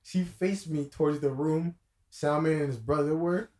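A man co-hosting a podcast, telling a childhood story in a relaxed, chuckling way. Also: on the high side, moderate pace. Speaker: podcast co-host. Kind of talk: casual storytelling. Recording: roomy echo.

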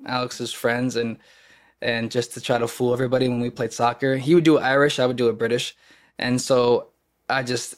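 Rambling young man from the Midwest. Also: medium pitch. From Kenosha, Wisconsin, US Midwest. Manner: rambling, many fillers and restarts. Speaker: actor, podcast guest. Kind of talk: casual conversation.

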